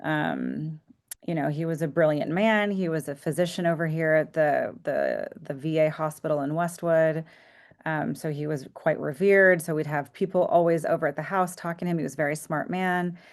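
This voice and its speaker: A woman psychotherapist talking reflectively in a podcast interview, sometimes dropping to a hushed voice. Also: low voice, moderate pace. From United States. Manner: reflective, soft-spoken, drifts into hushed tones. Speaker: psychotherapist guest.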